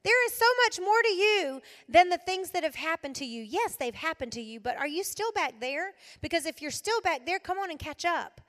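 A middle-aged woman preaching to a women's gathering, animated, swinging between loud exclaiming and hushed soft passages. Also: very high voice, moderate pace, few pauses, in a large hall. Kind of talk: sermon. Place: hall addressed to an audience.

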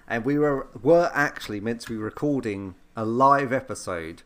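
A man's voice: mid-range voice, moderate pace. A man co-hosting a podcast in casual chat, hesitant and stumbling over his words. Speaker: podcast co-host.

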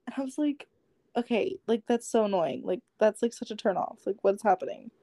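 Here a young woman co-hosting a podcast spins a chatty story, voicing the dialogue and leaning heavily on "like." Her medium-pitched voice is brisk and dark with vocal fry, captured dry at studio quality.

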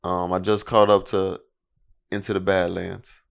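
A man's voice: low-pitched, level tone, unhurried, creaky. A laid-back man in casual chat with a friend, slangy and dry.

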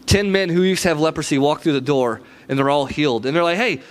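A man's voice: fairly high pitch, fast talker, clear, resonant tone. A man preaching a sermon in a conversational, storytelling way, often checking in with "right?".

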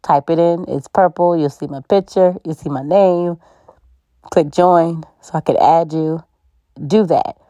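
A woman's voice: low voice, steady tone, unhurried, dark tone, dry recording. Encouraging woman host, dry close sound. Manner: conversational, preachy, laughs often. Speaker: podcast host. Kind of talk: encouraging faith-based pep talk.

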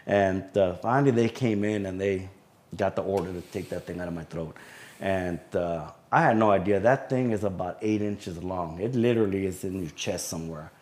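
Male deputy guest, slightly low-pitched, halting fillers, casual interview telling. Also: darkish tone. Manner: halting recounting with frequent fillers.

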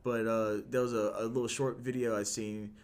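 A man's voice: flat delivery, normal speed, darkish tone, clear, resonant tone. A man in his thirties co-hosting a podcast, chatting casually and swearing a lot. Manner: swears a lot, bursts into falsetto song. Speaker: podcast co-host. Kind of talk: casual chat.

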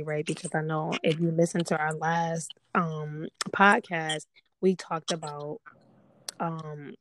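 A woman hosting a casual podcast, chatty and repeating herself for emphasis as she talks straight to her listeners. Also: low-pitched. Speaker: podcast host.

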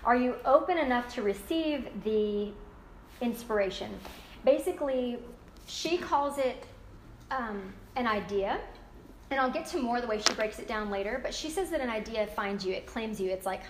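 A woman with a fairly high voice talks through a book with a group in a casual, chatty way. She is animated and often acts out little quoted voices. The sound is roomy and echoey, with faint ambience behind her. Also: normal speed, a little hiss or hum. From United States. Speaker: book discussion leader.

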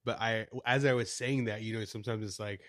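Low-voiced, swearing young podcast co-host. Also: male voice, fairly even intonation, fairly quick, no echo, studio quality. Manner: laid-back, swears a lot, laughs often. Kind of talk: casual chat.

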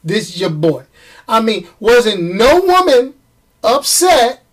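A man's voice: very high-pitched, very animated, slow. Casual vlogger, male, New York accent; emphatic, repeats lines for punch, laughs at himself. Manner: chatty, emphatic, repeats phrases for effect. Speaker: vlogger commenting on movies. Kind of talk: casual chat to camera.

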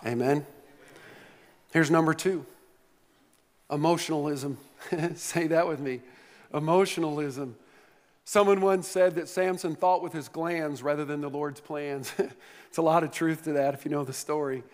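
A male pastor preaches in a big church hall, mixing anecdotes and jokes with pointed questions to the congregation. His voice sits a little high for a man, and it rings with a long reverb that fills the space. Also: fairly even intonation, normal speed, darkish tone. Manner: storytelling preacher, playful humor, rhetorical questions to the congregation. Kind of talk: sermon.

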